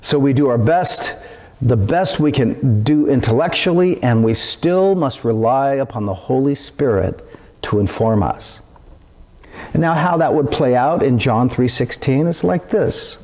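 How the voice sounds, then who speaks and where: Slow, animated male pastor preaching. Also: mid-range voice. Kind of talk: sermon.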